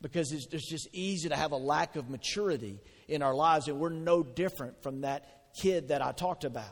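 A man preaching a sermon as pastor, conversational and animated, asking the congregation questions. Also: a little high, brisk. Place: church sanctuary. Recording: long hall reverb.

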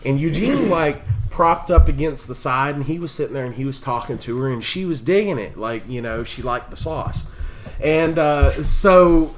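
A man's voice: fairly high pitch, animated, normal speed, a little hiss or hum. A man telling a crude, profane story to friends, often laughing as he talks. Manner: profane, laughing through his own story. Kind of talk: casual storytelling among friends.

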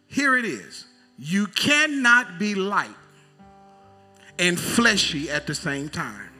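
A middle-aged man preaching a sermon as a bishop, in call-and-response style, drawling key phrases slowly and building to loud emphatic cries. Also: a little high. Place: church sanctuary.

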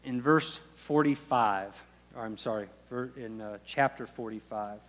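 A man's voice: mid-range voice, a little slow, a bit bright. A man preaching a sermon, retelling a Bible story in a casual, conversational way, often acting out the people's lines and restarting his sentences. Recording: long hall reverb.

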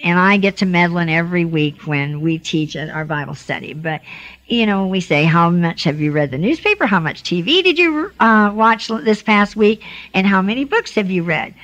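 A woman's voice: lowish voice, lively intonation, normal speed, a bit bright, lo-fi sound. A woman giving her personal testimony to a church congregation, earnest and emotional, sometimes preaching.

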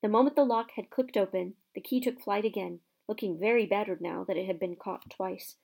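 Female storybook narrator; expressive, lively read-aloud. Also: mid-range voice, brisk, vocal fry. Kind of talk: reading a children's fantasy novel aloud.

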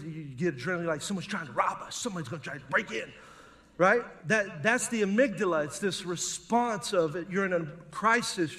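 High-voiced storytelling pastor. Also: male voice, a bit bright. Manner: conversational, humorous, storytelling. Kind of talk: sermon with personal stories.

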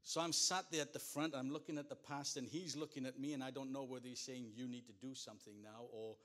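A man preaching a sermon, telling a funny story with big swings between hushed and loud delivery. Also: medium pitch, fairly even intonation, fast.

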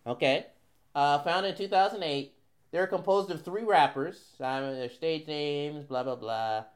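A man's voice: on the high side, a little slow. A man co-hosting a comedy podcast, bantering in a teasing, matter-of-fact way. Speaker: co-host. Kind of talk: casual banter.

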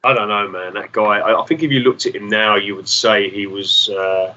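A man's voice: on the low side, moderate pace, bright, forceful tone, highs cut off, a little hiss or hum. A man, a musician guest rambling through stories, swearing casually and acting out the people in them. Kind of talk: casual storytelling.

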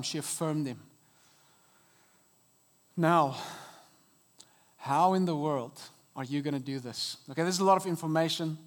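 A man preaching a sermon from a church stage into a microphone, earnest and dynamic, with sudden soft drops and emphatic rises. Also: a little high. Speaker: pastor. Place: church auditorium.

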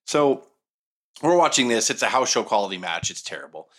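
A man's voice: mid-range voice, very animated, fairly quick, fairly bright tone. Middle-aged man telling a profane, sardonic story. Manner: profane, sardonic, with comic voice impressions. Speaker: podcast co-host telling a story. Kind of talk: casual storytelling chat.

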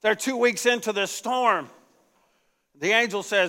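A man's voice: high-pitched, a little slow, sharp tone. A man preaching a sermon as pastor, with call-and-response lines and emphatic repetition, recorded in a church sanctuary. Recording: echoey church hall.

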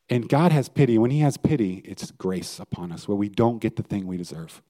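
A man's voice: medium pitch, steady tone, brisk, few pauses, warm tone. A male pastor giving a conversational sermon and putting questions to his listeners. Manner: conversational preaching, asks the audience questions.

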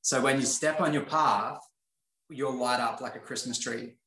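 A man's voice: mid-range voice, normal speed, sharp tone. Earnest man telling his story, echoey. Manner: earnest, repetitive, emphatic. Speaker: guest sharing his life story. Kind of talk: motivational storytelling. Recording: roomy echo.

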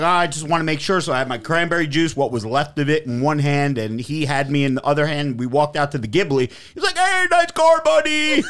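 A man co-hosting a podcast, joking and bantering in crude, animated casual chat. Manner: animated, joking, swings pitch widely. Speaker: podcast co-host.

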